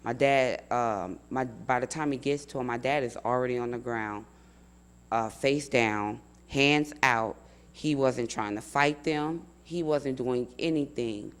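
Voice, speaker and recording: In an interview, an earnest young man recounts what happened as a family member giving his account. His voice is steady, measured and mid-range for a man, with a clean tone, and he repeats his words for emphasis.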